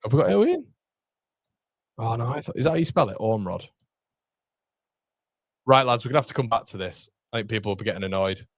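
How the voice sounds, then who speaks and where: A man chatting excitedly on a live stream, reacting to the chat and the football match as he watches. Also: mid-range voice, fast, pauses often, no room sound, studio quality.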